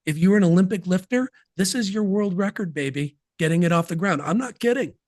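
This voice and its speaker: A man's voice: high-pitched, a little fast, darkish tone, no echo, clean studio sound. A man guesting on a podcast interview, talking about business systems in an emphatic, folksy way with sports analogies.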